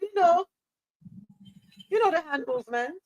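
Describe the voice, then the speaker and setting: A woman's voice: extremely high pitch, expressive, moderate pace, a little mellow. A woman hosting a live news talk show, reading articles aloud and adding sarcastic asides. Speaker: host.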